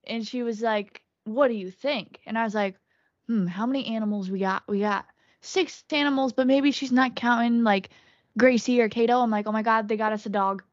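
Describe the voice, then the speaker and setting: A woman guest tells a story in a casual podcast chat, her fairly high voice quick and excitable as she voices her own thoughts. The recording is dry and a little dull. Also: no room sound. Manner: excitable storytelling, fast quoted asides.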